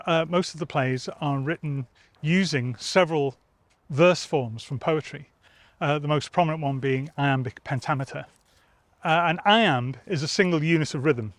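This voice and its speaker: A man's voice: fairly high pitch, fairly bright tone, no room sound. A man, a theatre festival director, explaining verse rhythm in an interview, tapping out beats aloud and reciting lines to demonstrate. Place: outdoor college garden.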